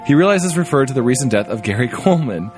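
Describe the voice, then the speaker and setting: A man co-hosting a casual podcast, reading a listener email aloud. His voice sits in the middle range but rises and falls a great deal. He tells the story with a playful, animated delivery. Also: mid-range voice, quick pace, soft background music. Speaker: podcast co-host.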